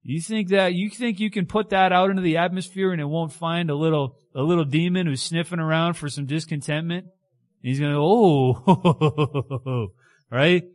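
A man preaching a conversational, animated sermon who keeps checking in with his listeners. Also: on the high side, a little fast, no echo, studio quality.

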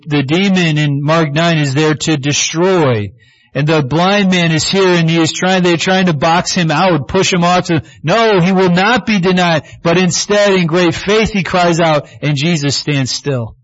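A man preaching a sermon as pastor, animated, acting out voices from the stories he tells. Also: on the high side, dry recording, highs cut off.

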